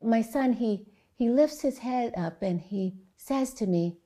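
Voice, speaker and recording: A woman researcher giving a prepared public talk in a measured, earnest storytelling manner. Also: a little high, dark tone.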